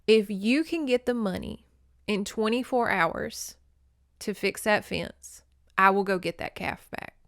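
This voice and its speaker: A woman voicing a small-town male sheriff in her movie recap, speaking softly and with regret. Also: medium pitch, a little slow, no echo, clean studio sound. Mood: regretful.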